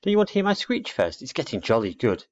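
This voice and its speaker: A man's voice: mid-range voice, wildly swooping pitch, fast, pitched above the performer's own voice. A man voicing an anxious, eager young boy barn owl in a storybook reading, dull lo-fi recording. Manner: eager, chattery, a little boastful.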